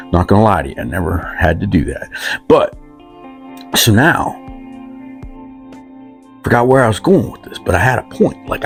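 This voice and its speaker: A man, telling a rambling, self-deprecating comic story in loose country talk. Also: on the low side. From West Virginia, USA. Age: 50s. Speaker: comedic storyteller.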